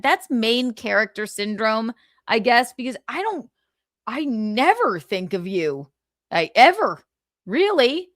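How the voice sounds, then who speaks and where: Exasperated female streamer, casual profane rant, lively voice, dry close mic. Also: a little high, slow pace, no echo. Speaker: livestream host.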